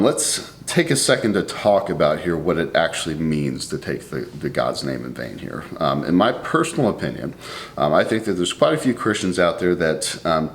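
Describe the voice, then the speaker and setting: A man's voice: a bass voice, a little hiss or hum. A man giving a verse-by-verse Bible study, reading scripture aloud and then explaining it in a conversational way. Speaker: Bible teacher.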